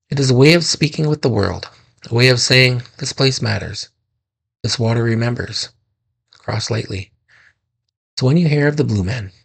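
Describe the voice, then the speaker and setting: A male podcast host giving a slow, solemn scripted narration of sea folklore, now and then correcting his own slips. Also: medium pitch, gravelly, breathy edge.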